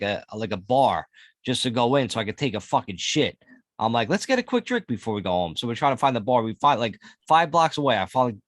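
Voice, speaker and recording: A man's voice: medium pitch, no echo. A man hosting a podcast, laid-back and profane as he rambles through a story. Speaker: podcast host. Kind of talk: casual podcast banter.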